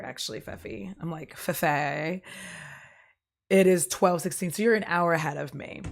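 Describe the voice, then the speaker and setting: A woman talks casually to her stream viewers while sick, her voice pushed lower and rougher by a cough. She rambles from one thing to the next, laughing often and leaning on fillers. Her voice sits somewhat low for a woman.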